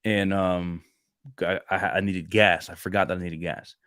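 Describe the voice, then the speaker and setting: A man in his thirties co-hosting a podcast, chatting casually about faith and telling stories with lively acted-out dialogue. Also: deep voice, moderate pace, clean tone, no echo, clean studio sound. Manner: animated storyteller who acts out dialogue and restarts often. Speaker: podcast co-host. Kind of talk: casual faith chat, storytelling.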